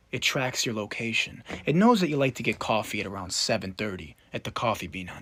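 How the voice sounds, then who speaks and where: A husky man delivers a mock-serious comic lecture with an intense, deadpan edge. His pitch swings widely as he drops into hushed whispers and then bursts out loudly. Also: brisk, hardly any pauses. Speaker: comedy sketch creator.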